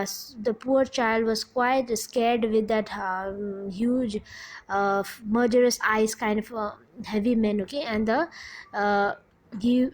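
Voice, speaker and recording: Young indian english lady teacher, kinda high voice, lots of restarts and okay?s. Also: poor audio. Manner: halting, checks in with frequent "okay?" and restarts. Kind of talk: recorded class lecture retelling a story.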